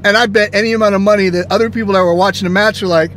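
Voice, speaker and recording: A man talks into his phone camera from a moving car, telling stories with lots of energy and playing out each side of a conversation. His voice sits a little high for a man. Faint road noise hums behind him. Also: fast, few pauses. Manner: animated storytelling, acts out both sides of exchanges. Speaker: gaming vlogger. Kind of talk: casual chat.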